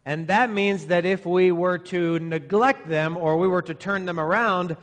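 A middle-aged pastor preaches a sermon to young men, exaggerating and using sarcasm to drive his lesson home. His slightly high voice stays steady and unhurried, while a long reverb trails his words through the hall.

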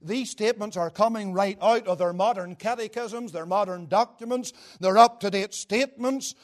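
A man preaching a sermon with passion, rising to loud declamation and dropping to quiet, low asides. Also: normal speed.

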